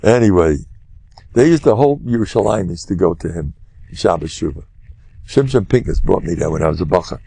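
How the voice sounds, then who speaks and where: An older man, a rabbi, giving a humorous Torah lecture full of animated storytelling. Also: sits low, a little fast, gravelly, husky, no echo. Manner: animated, humorous storyteller who loudly acts out quotes.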